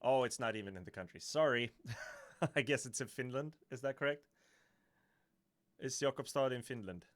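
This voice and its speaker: A man's voice: medium pitch, moderate pace, long pauses. A man with a Swedish accent hosting a casual live Q&A, rambling and correcting himself playfully. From Sweden. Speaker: livestream host.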